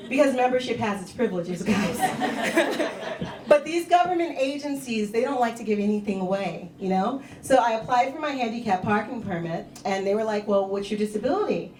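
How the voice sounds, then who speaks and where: A woman performing a stand-up comedy set, telling deadpan dark jokes and talking to the crowd on a club stage. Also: fairly high pitch, moderate pace, background noise. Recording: echoey club, mic heard from a distance.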